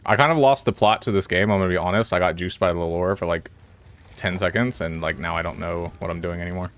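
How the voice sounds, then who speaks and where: A man's voice: low voice, quick pace, a bit bright. A young man streaming a game, chatting casually with his viewers in a laid-back, rambling way. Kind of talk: casual live-stream chat while gaming.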